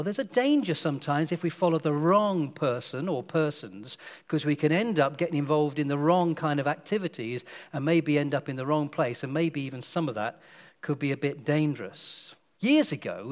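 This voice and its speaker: A man preaching a sermon, telling stories and acting out the quotes with lively energy. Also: fairly high pitch, in a large hall. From Britain. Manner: animated storytelling, acts out quotes.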